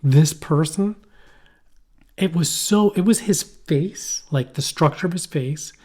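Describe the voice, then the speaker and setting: A man co-hosting a casual podcast, rambling through an animated story with playful asides. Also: on the high side, slow. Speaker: podcast co-host. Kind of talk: casual conversational podcast chat. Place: poorly heated shack.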